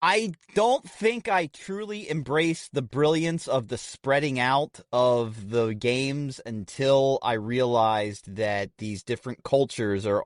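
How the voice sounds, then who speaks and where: A man's voice: mid-range voice, dry recording, studio quality. A man from the United States co-hosting a podcast in casual chat, earnest and laughing often as he makes his point. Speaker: podcast co-host.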